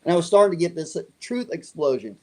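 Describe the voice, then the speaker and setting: A middle-aged man with a fairly high voice speaks fast as a guest in an interview. He tells a story in an animated way, acting out the dialogue and the other voices in it.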